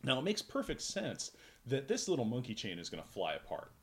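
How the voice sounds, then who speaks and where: A brisk co-host of a casual comic book podcast, his mid-range voice swooping wildly in pitch, explains away plot holes with lengthy, tongue-in-cheek pseudo-scientific theories. The audio comes from a podcast microphone.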